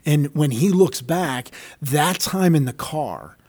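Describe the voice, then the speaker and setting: A man's voice: fairly high pitch, animated, takes it slowly, darkish tone. A man hosting a faith conversation, reflective and affirming.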